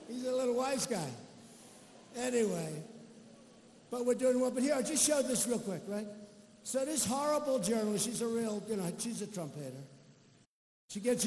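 A man's voice: very high-pitched, a little mellow, a little hiss or hum. A male politician giving a campaign rally speech, boastful and rambling, full of mocking asides. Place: large indoor rally venue. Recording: echoey arena with crowd ambience.

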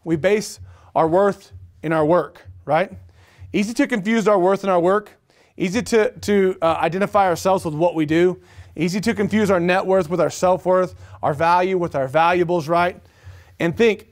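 High-voiced man preaching a sermon. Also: moderate pace. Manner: animated preaching with repeated phrases and rhetorical questions. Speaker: pastor.

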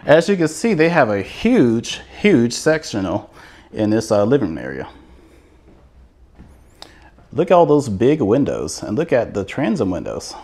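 Man, enthusiastic house-tour narration, very lively pitch, camera mic indoors. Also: a little slow, long pauses. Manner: enthusiastic, chatty, repeats words. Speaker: home tour host. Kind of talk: casual walkthrough narration. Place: inside a manufactured home show model.

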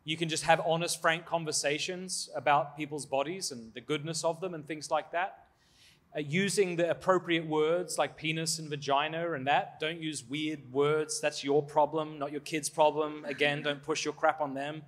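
A man's voice: fairly high pitch, fairly even intonation, moderate pace, a bit bright. A man giving a live conference talk and answering audience questions in a candid, joking, self-deprecating way. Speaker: conference speaker. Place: conference hall before an audience.

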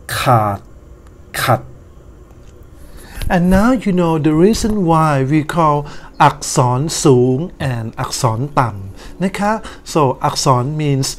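A woman's voice: sits low, darkish tone. Thai-accented woman teaching a language lesson. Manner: slow, careful explanation with Thai politeness particles.

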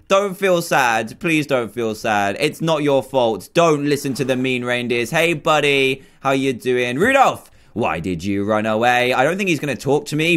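An excitable man commentating a let's-play, jokey and thinking out loud. His voice sits a little high and jumps around a lot in pitch. He talks casually to the viewer. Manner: excitable, jokey, thinks aloud while playing. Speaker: gaming youtuber.

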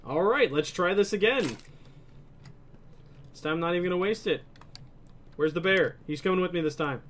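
Young male let's play host, bright high voice, excitable and profane. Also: normal speed, a little hiss or hum. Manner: excitable, swears often, bursts of laughter. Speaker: gaming video host.

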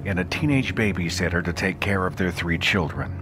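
Deep-voiced man telling a ghost story. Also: lively intonation, over music. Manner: measured, suspenseful storytelling. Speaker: podcast host. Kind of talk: storytelling narration.

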